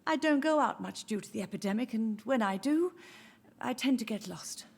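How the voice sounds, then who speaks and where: A woman's voice: fairly high pitch, expressive, moderate pace, vocal fry, breathy edge, heavily acted. A frail, confused old mother. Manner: wandering, tender, mournful. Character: frail confused elderly mother, grieving, gentle. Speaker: game character. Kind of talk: video game voice acting.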